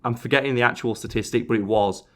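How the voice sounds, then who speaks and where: A man's voice: medium pitch, steady tone, fast, a bit bright. A man hosting a casual podcast chat, sarcastically reading out survey answers. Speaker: podcast host.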